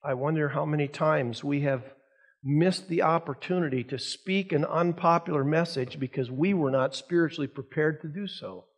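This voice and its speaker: A man's voice: on the high side, slightly rough. A man, a pastor, teaching an adult Sunday school class, asking the class questions and reading scripture aloud. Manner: asks the class rhetorical questions.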